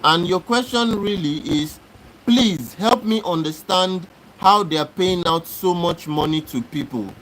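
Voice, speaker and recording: Hosting a live stream, a man responds to his chat by arguing and lecturing, repeating himself in exasperation. His voice sits fairly high for a man and sounds a bit bright, and he takes his time. The recording is low quality, with a faint background hiss.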